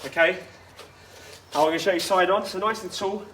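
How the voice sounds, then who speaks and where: Male fitness coach, higher voice, chatty instructive delivery with asides, outdoor take with light ambience. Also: a little fast, a bit bright, a little hiss or hum. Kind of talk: guided workout instruction.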